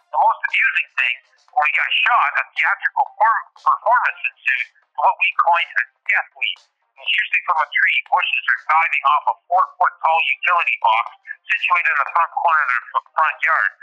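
A man hosting a podcast, reading his own memoir aloud in a steady, formal way. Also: a little high, fairly quick, highs cut off. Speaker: podcast host.

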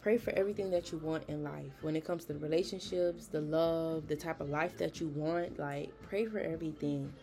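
A woman's voice: low-pitched, steady tone, brisk, few pauses, warm tone, a little hiss or hum. A young woman hosting a podcast, chatty and emphatic, giving casual motivational talk with slangy asides. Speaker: podcast host.

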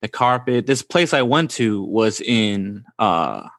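A man's voice: lowish voice, animated, slow pace, fairly bright tone, no echo. Laid-back slangy man from the Bronx. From New York, the Bronx. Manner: laid-back, slangy, says "bro" often. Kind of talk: casual storytelling chat.

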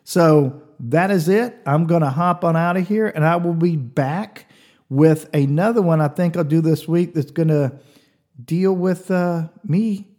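Fairly high in pitch yet dark in tone, this man hosts a podcast and unhurriedly spins a funny story, chatting and sharing confiding asides with the listener.

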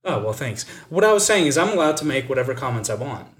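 A man co-hosting a casual podcast, joking and provocative, quick to laugh. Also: mid-range voice, very animated. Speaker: podcast co-host.

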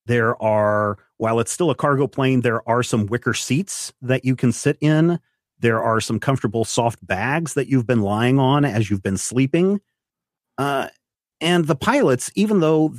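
A man narrating as game master for a tabletop game, describing scenes and walking players through the rules. His voice sits at a middle pitch and sounds dry and close, with no room sound. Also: no echo. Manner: descriptive narration with rules explanations, some restarts.

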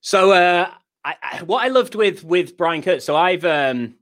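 A man with a British accent co-hosting a podcast, chatting casually in a rambling, self-deprecating way with halting starts. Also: high-pitched, animated, a bit bright. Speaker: podcast co-host.

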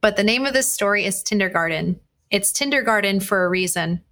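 A woman of middle pitch tells her own dating story to listeners, blunt and candid, swearing freely. She talks in a loose, conversational way and often stumbles and restarts her sentences. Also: lively intonation, fairly quick, a bit bright. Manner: frequent restarts and fillers, conversational retelling. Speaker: podcast host.

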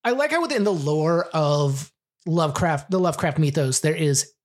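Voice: mid-range voice, lively intonation, normal speed. Wisecracking panelist, everyday mid voice. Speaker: podcast panelist. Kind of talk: casual podcast chat.

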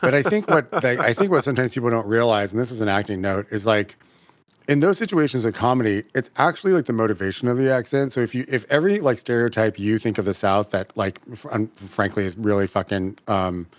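A man's voice: fairly low pitch, fast talker, no echo. A man co-hosting a casual podcast chat, talking loosely, swearing freely and often trailing off and restarting. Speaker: podcast co-host.

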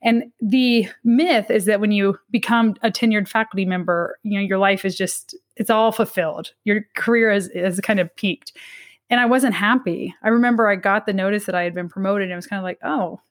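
Earnest halting woman in her thirties. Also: medium pitch. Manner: earnest, halting, with frequent restarts. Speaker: interview guest, academic. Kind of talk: personal story in an interview.

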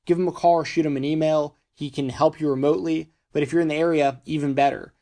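A man's voice: on the high side, steady tone, fast, hardly any pauses, mellow. Chatty male podcast host, voice fading. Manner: chatty, stumbles and restarts words. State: losing his voice. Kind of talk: casual podcast sponsor reads.

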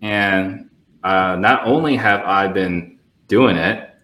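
Man, low voice, bright forceful tone, real estate sales trainer, casual podcast chat, measured, echoey room. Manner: measured, explains with quick acted-out phone dialogues.

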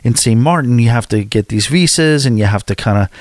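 A man's voice: medium pitch, expressive, a little fast, dry recording. A man from the United States telling a travel story to his viewers in a casual, rambling, candid way.

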